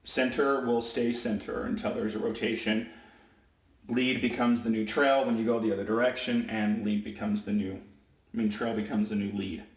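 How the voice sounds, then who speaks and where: A man's voice: lowish voice, little pitch movement, normal speed, distant mic. Rambling man telling a referee story. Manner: rambling, self-correcting, with many fillers. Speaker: high school basketball referee. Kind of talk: casual storytelling vlog. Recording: roomy echo, away from the mic.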